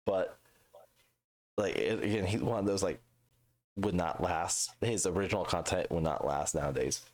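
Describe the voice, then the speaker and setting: Very deep-voiced profane man ranting. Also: normal speed. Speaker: podcast co-host. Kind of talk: casual chat.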